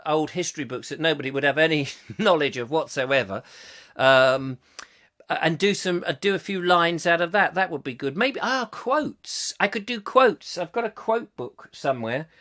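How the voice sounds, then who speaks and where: A middle-aged man, fairly high-pitched with a bright, forceful tone, hosts a comic live chat show. He reads viewer comments out loud, rambles jokingly between them and uses silly voices.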